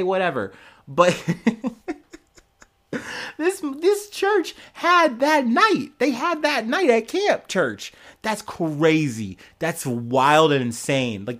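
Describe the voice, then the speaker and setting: A man hosting his own podcast, giving casual solo news commentary in a blunt, profane and animated way. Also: on the high side. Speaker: podcast host.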